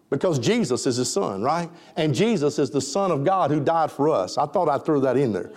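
A man's voice: high-pitched, expressive, a little fast, hardly any pauses. A man preaching an emphatic sermon and calling for amens.

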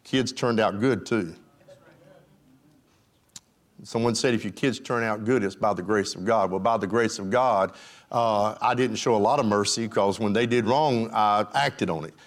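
A man's voice: fairly low pitch, normal speed. An older man preaching a folksy sermon, with emphatic lines and joking asides. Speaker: pastor.

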